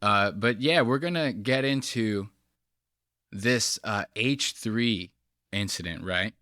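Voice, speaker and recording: A man's voice: fairly low pitch, slow, pushed and bright, no room sound, clean studio sound. A man hosting a reaction channel, giving profane, mocking casual commentary on a clip.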